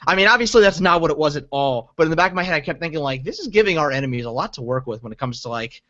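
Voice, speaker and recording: A man's voice: fairly high pitch, animated, rapid-fire, sharp tone, highs cut off. A man co-hosting a podcast in casual chat, telling a rambling story full of restarts. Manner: rambling, self-interrupting storyteller. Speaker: podcast co-host.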